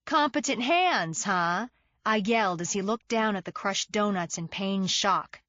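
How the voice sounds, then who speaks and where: A woman's voice: medium pitch, fairly even intonation, normal speed, a bit bright, no room sound, highs cut off. A woman narrating a thriller audiobook in the first person, in a wry, sardonic storytelling manner.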